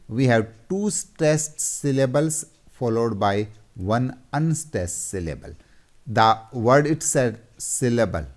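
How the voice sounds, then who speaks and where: A man teaching a lesson, explaining slowly and deliberately, repeating terms and pointing at examples on a board. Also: mid-range voice, a little mellow. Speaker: English teacher.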